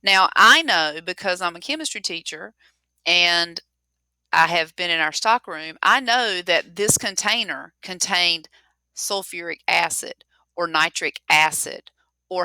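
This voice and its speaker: A woman chemistry teacher giving a lesson on lab safety, talking clearly and repeating the key rules for emphasis. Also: on the low side, bright, forceful tone, no room sound. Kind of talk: recorded classroom lesson.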